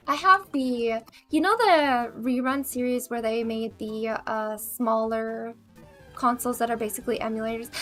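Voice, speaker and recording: Woman, bubbly game streamer, slightly high voice, casual chatter, faint music behind. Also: fairly bright tone. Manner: bubbly, chatty, laughs often. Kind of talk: casual gaming chat.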